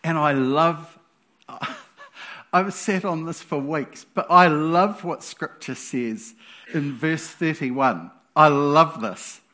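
A male preacher with a high voice delivers a sermon at a slow, unhurried pace. His manner is animated and playful, and he breaks into sudden loud exclamations.

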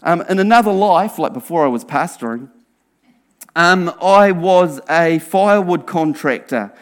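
Male pastor, slow deliberate sermon delivery, slightly high voice, earnest with hushed asides. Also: expressive. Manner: earnest, drops to a hushed near-whisper for emphasis; slow, emphatic preaching with rhetorical questions.

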